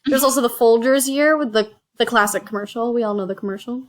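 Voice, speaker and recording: A woman with a slightly high voice hosts a casual board game session. She reads out each card, counts the spaces aloud and drops in chatty asides between rolls. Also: fast talker. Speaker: host.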